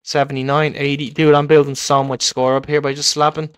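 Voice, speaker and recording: A young man commenting live on his own gameplay, excitable and repeating words in bursts as he taunts other players. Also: fairly high pitch, a little fast, smooth, dry recording. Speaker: gaming video creator.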